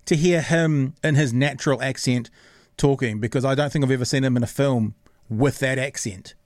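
A man's voice: mid-range voice, normal speed, darkish tone, no echo, studio quality. A man hosting a podcast, chatting casually and rambling a little while he searches for words. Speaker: podcast host. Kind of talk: casual chat.

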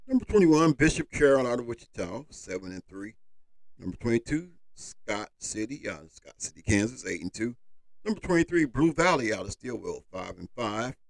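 A podcast host runs a solo sports show, reading out a rankings list with rising emphasis and tossing casual, colloquial asides to listeners. His medium-pitched voice is creaky, swings widely in pitch, and moves at a moderate pace. The recording is low quality, with no echo.

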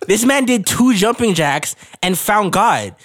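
Man telling a story with lively pitch. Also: heavy background noise. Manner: animated storyteller, laughs through his lines, drawn-out disbelief. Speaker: podcast co-host. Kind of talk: casual chat recapping a reality show.

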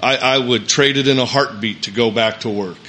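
Bright-voiced man speaking earnestly. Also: mid-range voice, moderate pace, a little hiss or hum. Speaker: podcast guest. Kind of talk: casual chat.

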